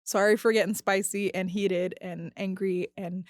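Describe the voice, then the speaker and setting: A woman's voice: mid-range voice, little pitch movement, normal speed. A woman hosting a casual podcast, talking in a heated, profane, rambling way with lots of fillers. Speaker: podcast host. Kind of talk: casual ranting podcast talk.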